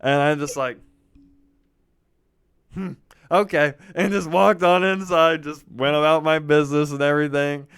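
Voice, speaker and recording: Animated young man telling stories. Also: fairly quick, few pauses, smooth. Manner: animated storyteller, jumps into loud high-pitched impressions. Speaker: podcast co-host. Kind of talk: casual storytelling chat.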